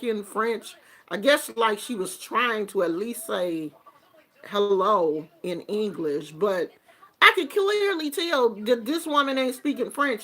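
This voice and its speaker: A woman hosting a show and chatting casually through a story, animated and acting out everyone's lines. Her voice is bright and a little high. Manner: animated, acts out quotes. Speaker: host.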